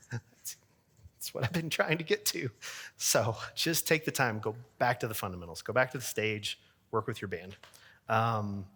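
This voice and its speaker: A man's voice: fairly low pitch, fairly bright tone. A man who works as a church sound engineer, giving a chatty talk to an audience, with lots of fillers and joking asides. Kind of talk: casual conference talk.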